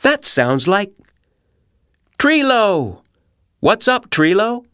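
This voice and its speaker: A man voicing a gentle, kindly big male bear who explains things patiently in a storybook reading. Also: sits high, sing-song, dry recording, studio quality, voice pushed up, full character voice. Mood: cheerful. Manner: patient, reassuring, explains slowly.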